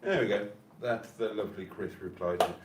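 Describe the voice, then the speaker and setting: A man's voice: lowish voice, a little fast. Casual male streamer, reads comments aloud, roomy sound. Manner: chatty, reads out messages. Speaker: live stream host. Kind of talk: casual live stream chat. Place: home in Spain. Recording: roomy with faint noise.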